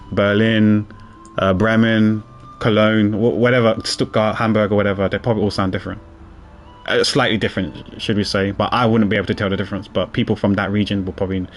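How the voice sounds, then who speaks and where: A man chatting casually with viewers while gaming, rambling and often restarting or repeating his words. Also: lowish voice. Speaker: streamer.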